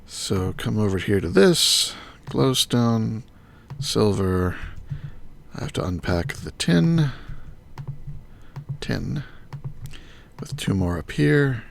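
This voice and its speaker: A man's voice: lowish voice, animated, slow, gravelly, long pauses, a little hiss or hum. A man streaming a game live, thinking aloud and muttering item names as he works. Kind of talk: live gameplay commentary.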